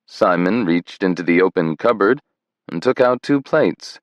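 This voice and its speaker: A man reading a romance audiobook in a measured, tender scripted narration. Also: low voice, animated, no room sound.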